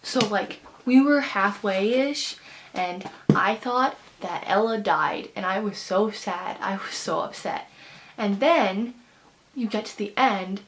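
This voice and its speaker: A young woman gushing to camera in a casual book vlog. She talks excitedly, piling up fillers and quick bursts of words, in a voice of ordinary middle pitch. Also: slight background noise. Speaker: book vlogger.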